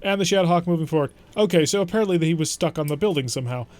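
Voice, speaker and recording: Wry young male streamer, slightly high voice, chatty play-by-play with mock exasperation. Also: very fast, darkish tone. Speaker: gaming streamer. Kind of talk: let's play gameplay commentary.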